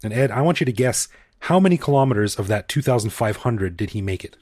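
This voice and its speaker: A man's voice: mid-range voice, fast, dry recording, clean studio sound. A man co-hosting a podcast in a casual, jokey chat. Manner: jokey, animated. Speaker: podcast co-host. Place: living in Bangkok.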